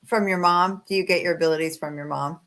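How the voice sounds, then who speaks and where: Lower-voiced woman co-host. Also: fairly even intonation, fairly bright tone. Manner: quick, reactive interjections. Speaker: podcast co-host. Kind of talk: casual chat.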